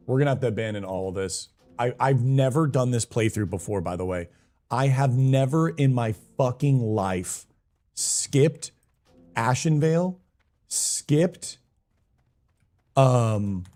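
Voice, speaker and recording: A man's voice: mid-range voice, mellow. Hyped young man streaming a game. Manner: hyped, greets chat by name, swears casually. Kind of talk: casual live-stream chat.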